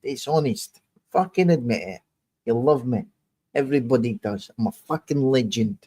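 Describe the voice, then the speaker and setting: Animated and mellow, a young man's medium-pitched voice runs at normal speed as he hosts a livestream. He launches into an angry, profane rant, confronting a commenter directly.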